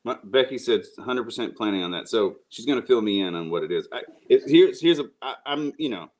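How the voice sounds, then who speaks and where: A man's voice: mid-range voice, animated, brisk. A man chatting casually as a guest, telling stories in an easygoing way. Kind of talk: casual interview chat.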